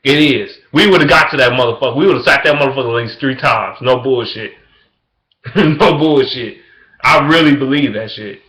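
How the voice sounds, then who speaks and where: Young man with a bright, forceful voice, profane and repetitive, in a casual sports rant recorded in an echoey room. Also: fairly quick. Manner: swings from loud excitement to low mutters. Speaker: vlogger.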